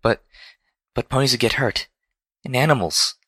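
A man voicing a timid, gentle female pony who speaks meekly and stammers when upset. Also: lowish voice, brisk, dry recording, clean studio sound, pitched above the performer's own voice. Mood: fretful, meek. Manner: meek, faltering, stammering.

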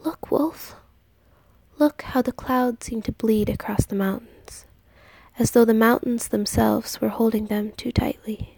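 A woman's voice: fairly high pitch, fairly even intonation, a little slow, a little mellow, no room sound, full character voice. Whispered role-play: a woman voicing a timid young princess. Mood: awed. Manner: stammering, breathy.

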